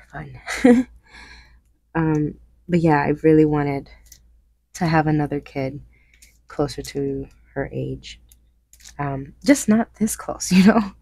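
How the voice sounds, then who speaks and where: A woman's voice: low-pitched, gravelly, a little mellow, breathy edge. A young woman chatting casually while she crafts, laughing often and restarting sentences. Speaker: crafter vlogger.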